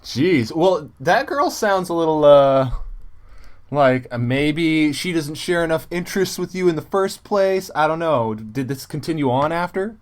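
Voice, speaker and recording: A male podcast co-host with a slightly high voice talks slowly. He hesitates and gropes for words as he asks questions. The chat is casual. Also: expressive.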